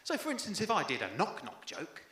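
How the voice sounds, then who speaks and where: Deadpan English stand-up with sudden shouts. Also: male voice, high voice, fairly quick. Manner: dry, self-deprecating delivery with sudden loud outbursts. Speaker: first-time stand-up comedian. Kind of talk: stand-up comedy set. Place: comedy venue on stage. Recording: echoey live venue with faint room noise.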